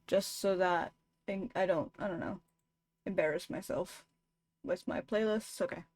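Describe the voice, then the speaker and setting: A young adult woman crochets while chatting casually to her stream, excitable and quick to swear. Her pitch is fairly low, with no room sound.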